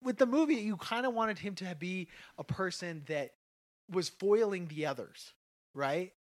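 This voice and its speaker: A man co-hosting a podcast in a casual, animated movie discussion, laughing often and swearing casually. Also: high-pitched, unhurried, no echo.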